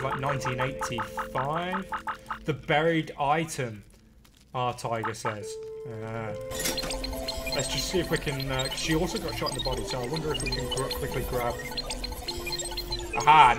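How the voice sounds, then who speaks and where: A man giving chatty, excitable live commentary while playing a game, talking to viewers. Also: mid-range voice. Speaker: game streamer.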